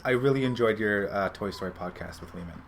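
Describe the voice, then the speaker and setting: Male podcast co-host in his thirties, lowish voice, jokey and eager, faint background hiss. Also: quick pace. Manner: enthusiastic, joking. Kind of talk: casual chat.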